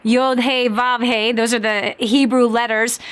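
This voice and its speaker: Woman talk host, high voice, emotional and emphatic, faith show. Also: level tone, unhurried, clean tone.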